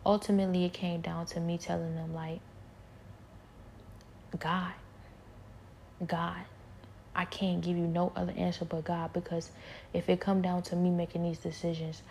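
A woman giving a rambling personal spiritual testimony, speaking softly and often dropping into a whisper. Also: on the low side, flat delivery, moderate pace, gravelly, pauses often, slight background noise. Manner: soft-spoken, often trailing into whispers; rambling, many fillers and repeats.

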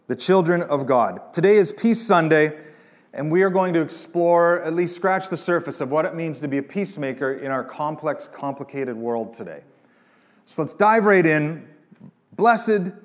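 A man preaching in a church, his voice sitting a little high and trailing off into a long hall reverb. He keeps it conversational, with jokey asides to the congregation. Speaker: pastor. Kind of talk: sermon.

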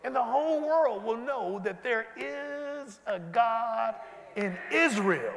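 A man preaching an animated sermon and leading the congregation in call-and-response. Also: extremely high pitch, slow, gravelly. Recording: hall reverb.

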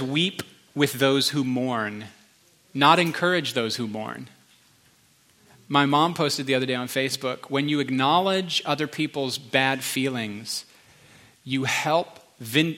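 Earnest, bright-voiced man preaching. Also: medium pitch. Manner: earnest, emotional, conversational preaching with restarts. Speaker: pastor. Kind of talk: sermon.

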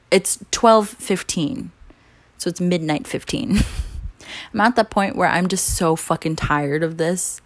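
In this late-night ranting monologue, a young woman with a fairly low-pitched voice swears angrily and stresses her words heavily. There is no room sound. She mocks others by mimicking them in a whiny voice.

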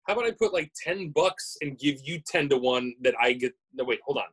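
A man's voice: medium pitch, animated, brisk, few pauses, husky, poor audio. A man co-hosting a podcast in casual chat, playful and teasing, often stammering over restarts. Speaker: podcast co-host.

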